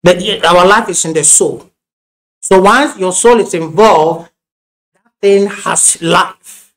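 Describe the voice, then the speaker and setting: A man's voice: sits high, slow pace, a bit bright, poor audio. A man with a Ghanaian accent preaching a sermon in a church, telling homely stories with frequent restarts and laughing asides. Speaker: pastor.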